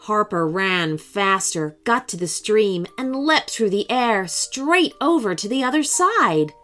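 A woman narrating a children's bedtime story in an expressive, storytelling manner. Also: mid-range voice, slow, faint music behind.

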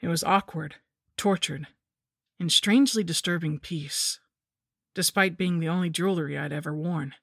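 A woman narrating a scripted horror story in a measured, somber way. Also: fairly low pitch, vocal fry, breathy edge, dry recording, clean studio sound.

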